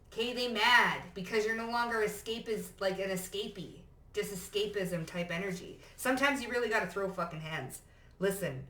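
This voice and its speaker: A woman's voice: medium pitch, a bit bright, recorded from a distance. A woman giving a casual tarot card reading to camera in a blunt, profane and emphatic way. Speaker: psychic tarot reader. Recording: echoey room.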